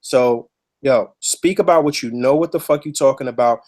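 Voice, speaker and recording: A man's voice: mid-range voice, normal speed, a little mellow. A man hosting a podcast, telling a story in a heated, emphatic, profane way. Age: adult with a child. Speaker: podcast host.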